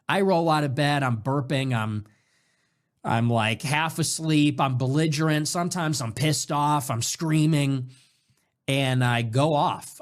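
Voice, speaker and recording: A man hosting his own show in a casual monologue, animated and sarcastic, jumping between loud bursts and low mutters. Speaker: show host.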